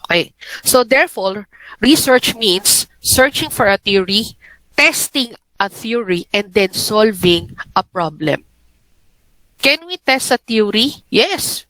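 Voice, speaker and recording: A Filipino-accented young woman gives a university lecture, pausing often to ask her students "okay?". Her voice sits at a middle pitch. The recording is close and dry, with no room sound. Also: expressive, fairly bright tone, dry recording, low-quality recording. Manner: frequent checking "okay?" with students. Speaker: university professor. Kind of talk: lecture mixing English and Filipino.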